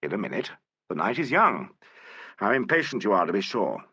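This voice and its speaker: A man reading as a suave, courteous inspector, gently ironic and very composed. His lively voice rises and falls a lot and sounds bright and a little breathy, recorded dry and close. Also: on the low side, brisk, dry recording, full character voice. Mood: charming. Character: suave, polite male police inspector. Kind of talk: audiobook character voice.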